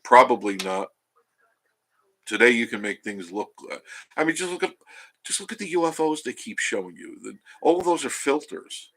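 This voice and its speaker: A man's voice: medium pitch, expressive, normal speed, fairly bright tone. A man hosting a live stream from home, rambling through a story and reading out chat comments. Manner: rambling, chatty, self-interrupting.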